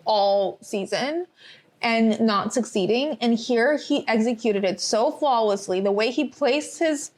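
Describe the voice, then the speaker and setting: A young woman with a slightly high voice hosts a casual podcast recap. She talks eagerly and informally, piling on fillers as she goes. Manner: chatty, enthusiastic, lots of fillers. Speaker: podcast host. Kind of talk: casual race recap chat.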